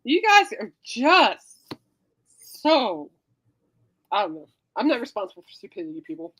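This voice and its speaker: A woman's voice: on the high side, huge pitch swings, a little slow, fairly bright tone, husky. A woman hosting a podcast in casual chat, playful and teasing, rambling from joke to joke. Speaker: podcast host.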